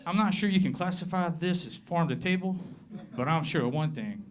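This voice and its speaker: A man from southern Appalachia with a Southern American accent, performing a stand-up comedy set and slowing his punchlines down to a deadpan. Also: on the high side, noisy background. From southern Appalachia, USA. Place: comedy club with live audience.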